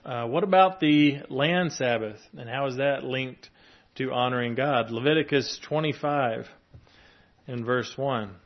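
A man's voice: mid-range voice, a little slow, dull audio. A man preaching a sermon in a conversational way, reading scripture and adding asides with small chuckles and fillers. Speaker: pastor.

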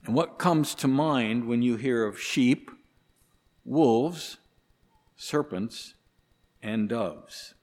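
Slow-preaching man in a reverberant hall. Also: medium pitch, a little mellow. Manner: slow, deliberate preaching with emphatic rises on key words. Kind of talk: sermon. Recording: long reverb of a large hall.

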